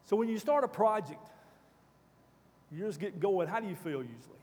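A man's voice: high-pitched, expressive, brisk, a little mellow, in a large hall. A man leading a Bible study class, asking the group questions and reading scripture aloud.

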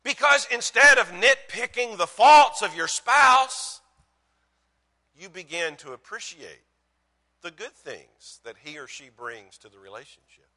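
A man preaching a sermon as pastor, swinging from loud emphasis to hushed lines and telling folksy, self-mocking stories. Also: sits high, sing-song, unhurried, in a large hall.

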